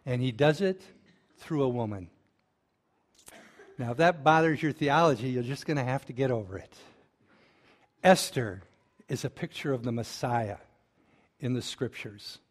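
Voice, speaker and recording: A man preaching in a storyteller's manner, tossing quick asides to his listeners. His pitch sits in an ordinary middle range for a man, and the delivery is a lively sermon. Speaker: pastor.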